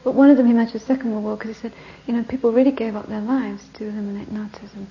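A woman's voice: fairly high pitch, very fast, slight background noise. Woman teacher with a muffled recorded voice. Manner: animated, dropping to soft whispers for emphasis. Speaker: Buddhist teacher. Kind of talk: Dharma talk storytelling.

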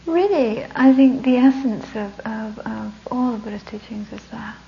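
Woman buddhist teacher telling a story, drops to whispers, gravelly voice, muffled recording with some hum. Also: on the high side, normal speed. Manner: breaks into breathy whispers, laughs often, warm storytelling. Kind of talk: dharma talk with a story. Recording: dull lo-fi recording with faint hum.

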